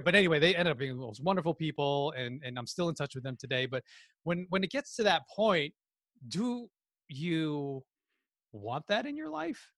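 Animated new jersey guy telling stories. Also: fairly high pitch, moderate pace, no echo, clean studio sound. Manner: animated storyteller, acts out quotes. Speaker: podcast guest. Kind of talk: casual podcast chat.

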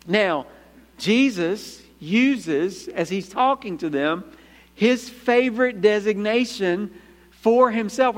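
A man preaching a sermon as pastor, emphatic, calling out for amens and dropping into hushed asides. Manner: emphatic, calls out for "Amen?", swings between punchy lines and hushed low asides. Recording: echoey hall reverb.

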